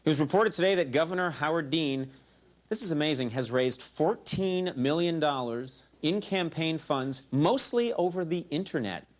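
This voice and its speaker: A man's voice: on the high side, animated, normal speed. A man hosting a late-night show, delivering a comedy monologue with self-mocking asides on a studio stage. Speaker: talk show host. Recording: live studio audience laughter and applause.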